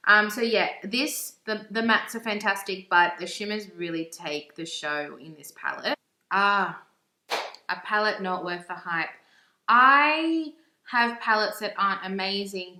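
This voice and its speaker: A woman's voice: mid-range voice, sharp tone. A young woman, chatting in a gushing, casual way as she reviews makeup in a vlog. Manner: gushing and chatty, with frequent "like" fillers. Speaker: beauty vlogger. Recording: echoey room.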